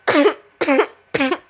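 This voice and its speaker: A woman giving casual commentary while playing a phone game, teasing her opponents playfully. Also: sits high. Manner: playful trash-talk, laughs at opponents. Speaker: mobile game player. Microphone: phone screen recorder.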